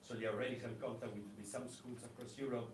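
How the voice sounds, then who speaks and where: A man's voice: medium pitch, steady tone. Man presenting in an echoey conference room. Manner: halting, many fillers and restarts. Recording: echoey room, mic at a distance, faint noise.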